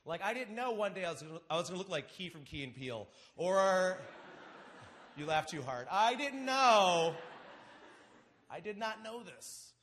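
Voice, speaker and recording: A man in his thirties performs a comedic personal story live into a microphone on a large theater stage, animatedly doing his friends' voices. His pitch is fairly high, he talks fast with barely a pause, and a little hiss or hum is audible.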